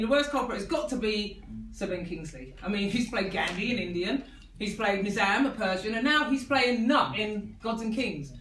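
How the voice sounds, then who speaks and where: A woman's voice: on the high side, fairly bright tone, recorded from a distance. A woman performing a stand-up comedy set, laughing at her own jokes and leaning on "I mean.". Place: comedy venue with live audience. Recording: echoey room recorded from afar, noisy.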